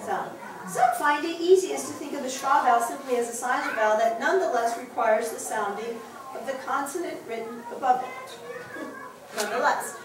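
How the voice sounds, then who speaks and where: Woman teacher, high voice, heard from afar in an echoey classroom, laughing and encouraging. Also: moderate pace, a crowd in the background. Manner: chatty, laughs often, encouraging. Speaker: Hebrew teacher. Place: synagogue classroom. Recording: echoey room, distant mic, background noise.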